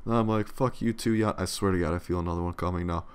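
A man's voice: low voice, steady tone, fast talker, clear, resonant tone. A young man giving casual, rambling gameplay commentary, swearing freely and yawning often. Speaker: let's play commentator.

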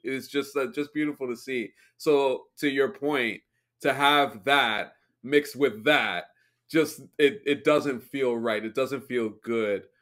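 Bright-voiced man hosting a podcast. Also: mid-range voice. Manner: enthusiastic, halting with restarts. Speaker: podcast host. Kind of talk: casual chat.

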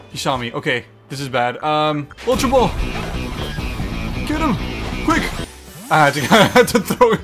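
Excitable young man swearing through a game. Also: fairly high pitch, moderate pace, long pauses, over music. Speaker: gaming YouTuber. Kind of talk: let's play commentary.

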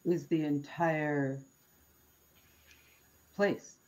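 A woman playing a tabletop game, jumping in with quick questions and interruptions. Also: low voice, steady tone, darkish tone. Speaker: player. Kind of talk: casual tabletop play.

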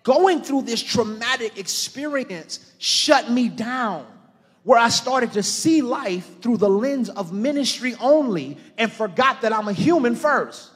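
Man, pastor, sermon, high voice, rises from hushed to shouting, talks to the congregation, long church hall reverb. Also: lively intonation, measured pace, breathy edge. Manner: impassioned preaching that swings from hushed to shouting; calls on the congregation directly.

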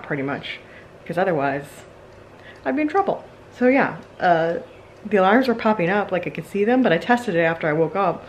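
A woman's voice: fairly low pitch, a little hiss or hum. A young woman casually vlogging in her home kitchen, chatty and upbeat, with bad jokes, on a handheld camera.

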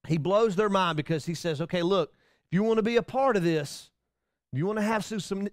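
A man's voice: high-pitched, dry recording, clean studio sound. A man preaching a sermon to his congregation in a casual, folksy way, with many restarts and asides. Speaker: pastor. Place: church.

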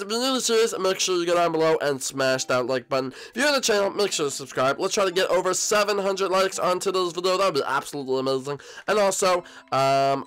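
A young man voicing Bowser Junior, a cheerful boy prince, in a Minecraft role-play, whooping now and then. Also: fairly bright tone. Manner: upbeat, bursting into high whoops.

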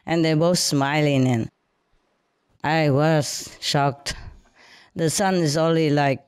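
A woman telling a casual story to listeners in broken English, animated and often laughing as she speaks. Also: low-pitched, unhurried, clean tone, no echo. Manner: non-native English with broken grammar. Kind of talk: casual anecdote told to listeners.

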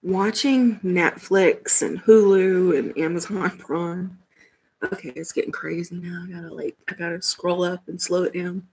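A woman's voice: fairly low pitch, fairly even intonation, unhurried, darkish tone, husky, low-quality recording. A woman hosting a casual livestream chat from home, rambling and laughing often as she talks to viewers. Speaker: livestream host.

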